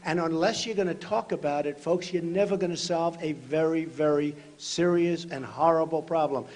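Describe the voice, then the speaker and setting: Emphatic high-voiced man at a rally. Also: normal speed. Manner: emphatic, repeats short phrases, often shouts to the crowd. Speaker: political candidate at a rally. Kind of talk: campaign rally speech. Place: large hotel event hall, live rally. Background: crowd of supporters.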